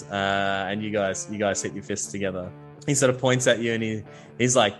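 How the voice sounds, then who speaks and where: A man narrating as game master in a tabletop game, animated and quick to laugh and swear. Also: lowish voice, faint music behind.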